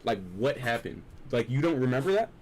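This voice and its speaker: Chatting philosophically as a streamer, a young man meanders late into the night, often restarting and repeating his thoughts, his volume swinging from hushed to loud and eager. His mid-range voice runs a little fast.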